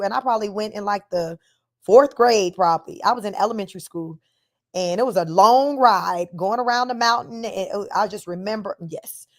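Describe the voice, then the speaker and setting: Chatty Bay Area woman, laughing storyteller. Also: medium pitch. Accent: Bay Area Californian with slight Southern twang. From Northern California, Bay Area. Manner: animated storytelling, laughs often, reads chat comments aloud. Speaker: livestream host. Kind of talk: casual livestream chat.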